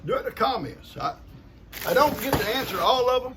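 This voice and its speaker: Older man, folksy and rambling, high and lively voice, noisy home recording. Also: brisk, music in the background. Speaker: vlogger opening gifts. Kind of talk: casual chat to viewers.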